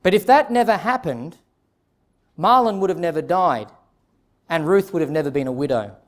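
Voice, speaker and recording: A male pastor preaching an expository sermon in an earnest, emphatic way, with dramatic pauses. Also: fairly high pitch, expressive.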